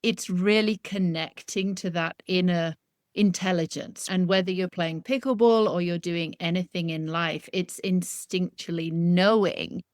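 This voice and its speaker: Calm woman host with a lowish voice, unhurried and affirming, dry close recording. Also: no echo. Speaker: podcast host. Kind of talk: casual interview talk.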